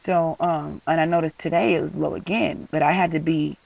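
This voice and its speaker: Gravelly man venting. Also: fairly high pitch, steady tone, a little fast, no echo, distant mic, muffled recording. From San Francisco Bay Area. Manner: rambling, exasperated storytelling with many fillers. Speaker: vlogger. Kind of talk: venting vlog monologue.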